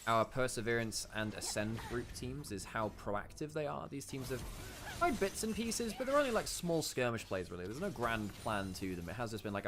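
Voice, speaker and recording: A young man with a Welsh lilt calls an esports match in a loose, joking way that keeps wandering off on tangents. His pitch moves around a lot as he talks. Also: very animated, fairly quick, over music. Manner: chatty, jokey, rambling asides. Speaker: esports caster. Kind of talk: play-by-play and color commentary.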